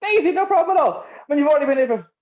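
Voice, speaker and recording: A woman's voice: high voice, sing-song, fairly quick, highs cut off. A woman playing a frantic drugged man. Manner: frantic, talking to himself. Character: panicking drugged male solicitor. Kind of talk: amateur script reading.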